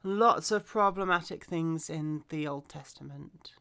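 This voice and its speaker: A woman from Birmingham reading the Bible aloud unhurriedly and musing with quiet hums and asides. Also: low voice, measured pace. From Birmingham, England. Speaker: scripture reader.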